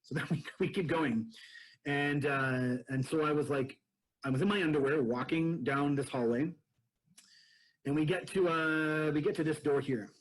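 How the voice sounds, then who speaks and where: A man giving a prerecorded talk, recounting his own experience in a halting, earnest way with many restarts. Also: fairly high pitch, poor audio. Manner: halting, full of restarts and fillers; earnest and animated when retelling fear. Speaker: presenter. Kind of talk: prerecorded first-person account.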